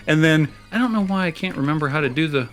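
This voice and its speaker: A man's voice: on the high side, lively intonation, fast, fairly bright tone, faint music behind. A man hosting a casual show, chatting and rambling through fillers and small chuckles as he plays a video game. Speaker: host. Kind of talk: casual chat while playing a video game.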